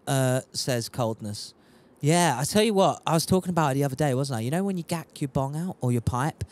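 A man's voice: medium pitch, animated, fast, no room sound. A young man chatting casually while streaming a game, reading out viewer messages, sweary and laughing at himself. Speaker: gaming streamer.

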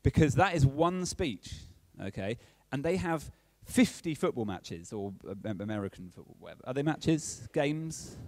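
Lively man preaching. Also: medium pitch, moderate pace, hardly any pauses, dry recording. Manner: chatty, checks in with "okay?" often. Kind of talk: conversational sermon.

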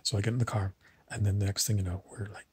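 A man's voice: lowish voice, flat delivery, quick pace, a little mellow. A man telling meandering, digressive stories in a casual monologue to camera. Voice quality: husky.

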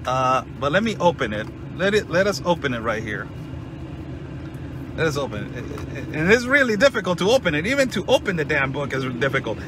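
A man in a sarcastic vlog monologue, mocking and loudly mock-excited. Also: on the high side, fairly quick, noisy background. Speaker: vlogger.

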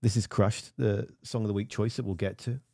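A man's voice: fairly low pitch, steady tone, brisk, gravelly, dark tone, no room sound, clean studio sound. A man reviewing music videos in casual screen-share commentary, rambling and poking fun at himself. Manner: rambling and self-mocking.

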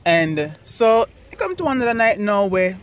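A young Jamaican man casually telling the story of how he met his partner, animated and jumping high when he quotes himself. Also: normal speed, smooth. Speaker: vlog co-host telling a couple's story.

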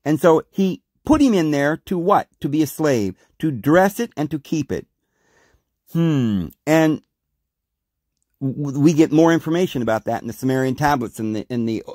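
A man hosting a podcast, reading scripture aloud and commenting on it with animated rhetorical questions. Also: mid-range voice, dry recording, studio quality. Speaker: podcast host.

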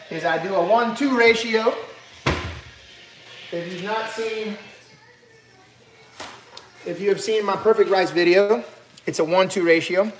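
A man with a Cajun Louisiana accent that blends in a New Orleans twang talks loosely to his live cooking viewers. His voice sits a little high for a man. He rambles and restarts his sentences, filling the gaps with easy asides. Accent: Louisiana Cajun, mixed with New Orleans. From Louisiana, USA. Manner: rambling, chatty, many restarts and fillers. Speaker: cooking livestream host. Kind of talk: casual chat on a livestream.

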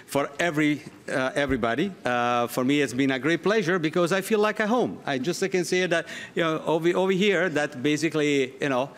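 A man with an Italian accent co-hosting a gala, speaking haltingly with many fillers. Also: a little high. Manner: warm, halting, full of fillers. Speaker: event co-host. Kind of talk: closing remarks at a gala. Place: large banquet hall. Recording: long hall reverb.

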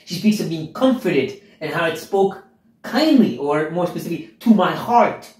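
A man giving an expository Bible lesson, emphatic and animated, often asking listeners rhetorical questions. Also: fairly high pitch, moderate pace, reverberant, low-quality recording. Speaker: Bible teacher.

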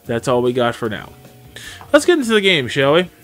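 A man's voice: mid-range voice, huge pitch swings, a little fast, fairly bright tone, soft background music. A man streaming a game live, chatting casually and greeting viewers by name as he plays. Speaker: gaming streamer. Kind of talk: live gameplay commentary.

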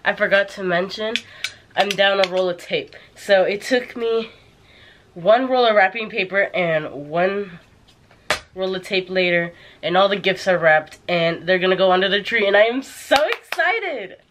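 A woman's voice: mid-range voice, lively intonation, a little slow, fairly bright tone, a little hiss or hum. A young woman at home, vlogging casually to a handheld camera held at arm's length, chatty and confiding and full of fillers. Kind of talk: casual vlog chat to camera. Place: at home indoors.

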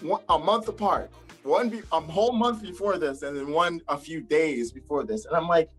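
A man, a wrestler, telling stories in a casual interview over a video call, acting out quotes with big jumps in pitch. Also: normal speed, fairly bright tone, breathy edge, faint music behind. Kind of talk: casual storytelling.

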